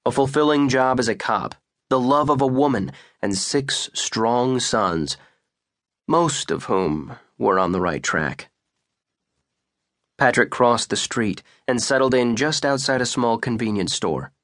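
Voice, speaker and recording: A male audiobook narrator reading a suspense novel in a measured, deliberate way. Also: medium pitch, animated, fairly bright tone, no room sound, studio quality. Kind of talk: scripted narration.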